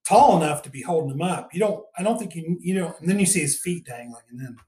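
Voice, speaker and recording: A man's voice: on the high side, expressive, quick pace, dark tone. A man in casual chat, easygoing and agreeable, often backing up his friend. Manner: easygoing, agreeable, lots of yeahs. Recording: echoey room.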